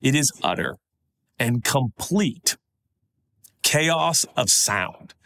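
A middle-aged man preaching a sermon, conversational, swinging between animated high stretches and hushed, low pleading. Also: drawn-out words. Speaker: pastor.

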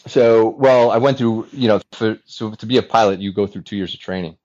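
A former Navy fighter pilot in his forties tells stories as a podcast guest, earnest and animated, acting out remembered dialogue. His voice is lowish and brisk, captured in a dull lo-fi recording.

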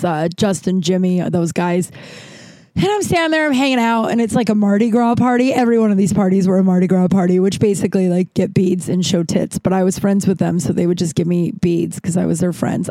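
Woman in her 40s, mellow gravelly voice, casual profane storyteller, dry close sound. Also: mid-range voice, no echo. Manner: candid, profane, rambling with restarts.

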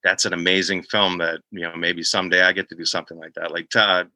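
An older man from Boston telling stories in a casual chat, animated and slipping into voices as he recounts events. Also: low voice, quick pace, no room sound, poor audio. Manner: animated storyteller, slips into voices. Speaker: podcast guest.

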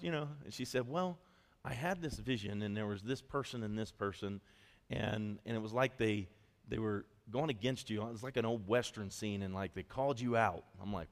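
Male pastor, lower voice, animated conversational sermon, church hall reverb. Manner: storytelling, animated and conversational, quick asides.

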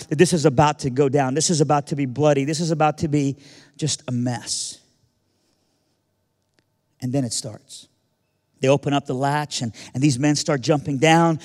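A man's voice: a little high, a little mellow. An American man telling a personal story in an earnest, vivid way, repeating phrases for weight. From United States. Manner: earnest, vivid retelling with repetitions. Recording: long reverb of a large hall.

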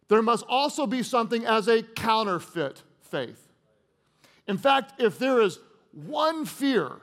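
A man preaching a sermon as a pastor, moving between loud emphatic lines, hushed earnest passages and casual, humorous storytelling. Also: high-pitched.

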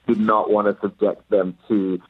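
A male actor with an English accent, a guest on a radio morning show, answering in a measured, reflective way with some stammered restarts. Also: fairly low pitch, little pitch movement, slightly rough, dry recording, phone-quality sound. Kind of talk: radio interview.

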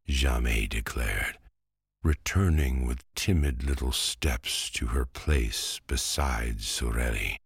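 A man narrating a classic novel as a bedtime story, soft and lulling. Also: a bass voice, slow pace, husky, dry recording, studio quality.

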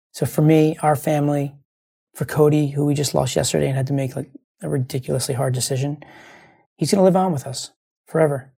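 Grieving man with a gravelly, husky voice. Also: a little high, mellow. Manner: earnest, rambling, repeats phrases. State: grieving, close to tears. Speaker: show host. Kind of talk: heartfelt monologue to listeners.

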